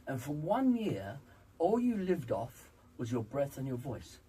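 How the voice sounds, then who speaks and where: A man's voice: medium pitch, big pitch swings, a little slow, dark tone, breathy edge, far from the mic, poor audio. A man working as a vocal coach, speaking emphatically in an interview and demonstrating vocal sounds. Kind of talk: interview, teaching voice exercises.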